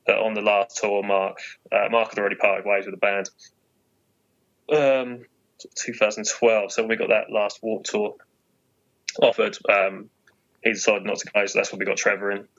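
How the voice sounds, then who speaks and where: Portsmouth English man in his thirties, gravelly low voice, halting podcast guest, slightly dull lo-fi sound. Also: level tone, fairly bright tone. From England. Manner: hesitant, many fillers and restarts. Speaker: guest musician. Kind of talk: casual podcast chat.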